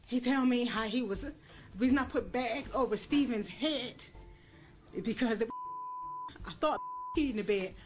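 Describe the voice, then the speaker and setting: A woman's voice: a little high, normal speed, soft background music. A woman testifying in a courtroom, blunt and profane, raising her voice when she re-enacts what was said. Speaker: defendant at a plea hearing.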